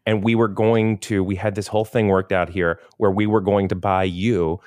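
Low-voiced guy co-hosting a podcast, goofing around and rambling. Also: normal speed, dry recording, clean studio sound. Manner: animated, joking, rambling restarts. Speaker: podcast co-host. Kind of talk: casual chat.

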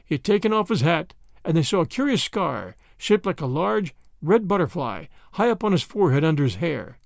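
Lively, high-voiced male storyteller. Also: fairly quick, gravelly, few pauses, no room sound, studio quality. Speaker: podcast narrator. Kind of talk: scripted story narration.

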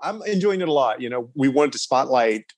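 Earnest, measured man in casual chat. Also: medium pitch, lively intonation, darkish tone, no echo. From Texas. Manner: measured, earnest, laughs easily. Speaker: podcast guest.

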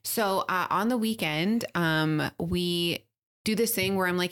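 A woman's voice: fairly low pitch, unhurried, fairly bright tone, clean tone. A woman co-hosting a casual couple's podcast, exasperated and swearing freely as she argues and laughs with her partner. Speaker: podcast co-host.

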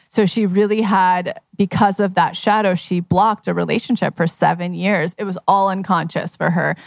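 A woman's voice: fairly low pitch, fairly even intonation, moderate pace, creaky, hardly any pauses, no echo. A young woman coaching at a live question session, chatty, often laughing and acting out voices as she talks. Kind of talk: live Q&A talk.

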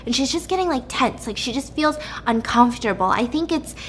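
A woman's voice: sits high, lively intonation, brisk, a little hiss or hum. A young woman casually recapping a story in a chatty way, with many fillers.

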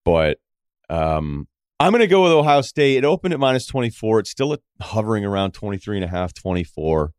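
A middle-aged man from Massachusetts hosts a sports talk podcast in a loose, profane, conversational way. His voice sits very low, and the recording is dry and close, with no room sound. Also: big pitch swings, darkish tone, smooth, no echo. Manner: conversational, profane, quick asides. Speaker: podcast host. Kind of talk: casual interview and sports talk.

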